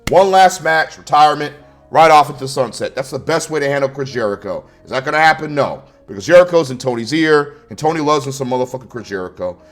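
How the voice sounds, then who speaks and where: A man's voice: mid-range voice, expressive, fast, soft background music. A man ranting through a wrestling show review, angry and sarcastic, swearing constantly.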